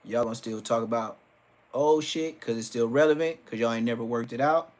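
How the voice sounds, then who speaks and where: Man, middle-aged, casual livestream rant, joking, mid pitch. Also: fairly quick, darkish tone. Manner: joking, storytelling with acted-out quotes. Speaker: livestream host.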